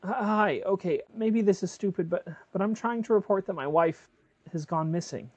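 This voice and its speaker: A man's voice: high voice, moderate pace, no echo, lo-fi sound. A man voicing a worried husband who stammers and apologizes while reporting his missing wife.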